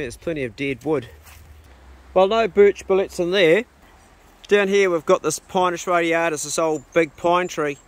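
Blunt, easygoing man on a farm. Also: a little high. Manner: blunt, easygoing, swears casually. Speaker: farm owner and channel host. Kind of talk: casual outdoor vlog chat. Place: outdoors on a rural farm property.

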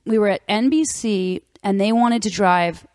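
Woman guest spinning a story, lively, does all the voices, dry close sound. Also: mid-range voice, measured pace, no echo. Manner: animated, acts out the people in her story. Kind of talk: casual storytelling.

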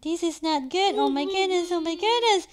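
A woman in her thirties playing a video game with her child, giving animated, exclamation-filled commentary. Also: extremely high pitch, normal speed, crowd noise. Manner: animated, frequently exclaiming and calling for help. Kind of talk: excited gameplay commentary.

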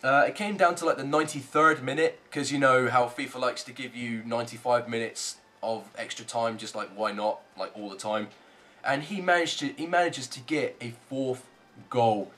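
A young man giving gameplay commentary, muttering low when calm and swearing loudly in bursts of rage at the lag. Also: moderate pace. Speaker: gaming YouTuber.

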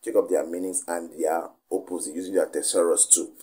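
A man's voice: sits low, fairly even intonation, a little fast, dark tone, husky. A man tutoring students for an exam in an informal video lesson, often tagging his points with "right?". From Nigeria. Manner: keeps asking "right?" after each point.

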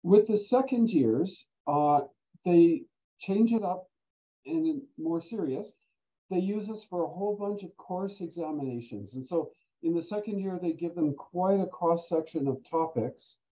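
An older man telling stories in casual talk as a guest speaker, animated and quick to laugh. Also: fairly high pitch. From Canada. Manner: animated storyteller who laughs often. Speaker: guest speaker, volunteer standardized patient. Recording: dull lo-fi recording.

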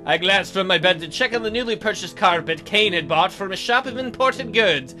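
A woman's voice: on the low side, normal speed, hardly any pauses, sharp tone, faint music behind. A woman hosting a game playthrough, reading the story aloud with playful, joking asides. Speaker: let's play host. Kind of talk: reading a visual novel aloud.

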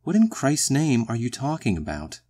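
A man's voice: medium pitch, huge pitch swings, normal speed, dark tone, pitched above the performer's own voice. A man voicing a tipsy, mocking woman at a beach party in an audiobook story. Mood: teasing.

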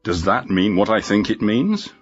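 A man's voice: fairly low pitch, very animated, normal speed. A man voicing a friendly, teasing male police inspector. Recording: dull lo-fi with faint music.

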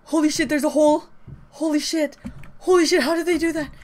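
A woman giving an excited fan reaction, gushing and swearing, with sudden jumps in her voice. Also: sits high, fairly quick. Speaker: reaction video host.

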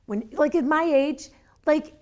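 Animated woman in her fifties. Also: high-pitched, a little slow, highs cut off. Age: 50s. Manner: animated storyteller acting out quotes. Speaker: lecture speaker. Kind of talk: storytelling lecture. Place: lecture hall.

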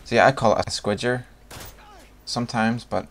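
Speaking at medium pitch with fairly even intonation and normal speed, a young man from Northern Ireland vlogs in a casual, chatty way. His Northern Irish accent comes through as he reads out a word list one item at a time, laughing in between.

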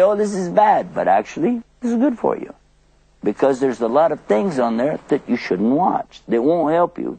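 An older man preaching to children, telling lively stories and acting out little scenes in different voices. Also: medium pitch, creaky, slightly rough, no room sound, low-quality recording. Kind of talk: children's religious storytelling lecture.

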